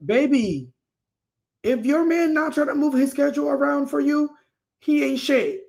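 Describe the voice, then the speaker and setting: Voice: sits high, unhurried, creaky, darkish tone. A host reacting to an interview clip, emphatic and slangy, repeating phrases for punch. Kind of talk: reaction commentary.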